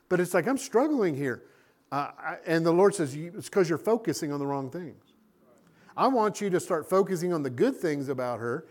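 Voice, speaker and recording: A man preaching a sermon as a pastor, animated and acting out little scenes. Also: a little high, brisk.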